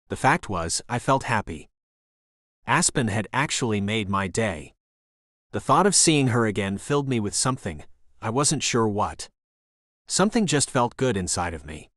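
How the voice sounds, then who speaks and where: A male narrator reads a romance audiobook in the first person, his pitch moving in lively swings. He keeps a steady storytelling pace. The recording is close and dry. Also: no room sound.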